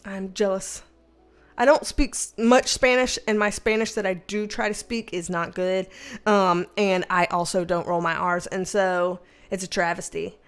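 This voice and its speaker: A woman's voice: mid-range voice, fairly even intonation, moderate pace, smooth, faint music behind. A young adult woman from the United States hosting a casual live chat, a bit tipsy, giggly and rambling, swearing casually as she reads out the chat. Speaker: livestream host reading chat.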